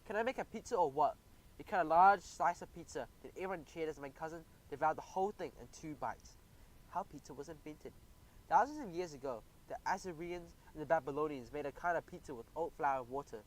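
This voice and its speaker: Brief: expressive male narrator for a kids' audiobook, slightly high voice, lively delivery. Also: fairly quick, low-quality recording. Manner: animated, expressive. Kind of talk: first-person audiobook narration.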